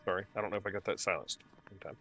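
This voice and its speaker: A man narrating as game master of a tabletop game, describing scenes in a relaxed way with fillers. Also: sits low, rapid-fire, faint music behind, poor audio.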